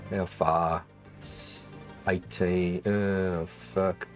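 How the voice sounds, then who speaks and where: A deep-voiced Australian man talks loosely on a livestream, full of swearing, fillers and restarts. Faint music plays underneath. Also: level tone, extremely slow. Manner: rambling, swears freely, many fillers and restarts. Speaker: streamer and former race engineer. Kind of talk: casual livestream chat.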